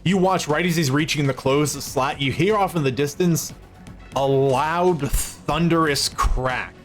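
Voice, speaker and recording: A man narrates a tabletop session as game master, his voice sitting a little high for a man. He tells the scene in a loose, relaxed way, stumbling and restarting his words often. Soft music plays underneath. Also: a little slow. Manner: stammering restarts, relaxed storytelling. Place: home streaming setup.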